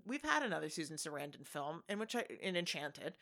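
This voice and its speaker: A woman's voice: low-pitched, big pitch swings, brisk, creaky, bright, forceful tone. A woman co-hosting a podcast, chatting casually and at length about actors and performances. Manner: chatty, talks with many fillers and restarts. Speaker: podcast co-host. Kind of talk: casual movie chat.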